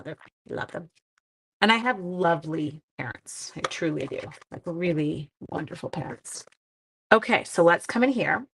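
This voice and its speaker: A woman hosting a casual craft demonstration live stream, chatting with her viewers and reading their comments in a friendly, self-deprecating way. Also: lowish voice.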